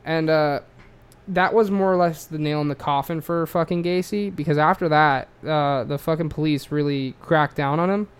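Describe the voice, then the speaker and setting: A man's voice: a little high, fairly even intonation, moderate pace, clear, resonant tone. An Australian man telling a true-crime story in a loose, rambling way, full of swearing and fillers. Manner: rambling, profane, lots of fillers.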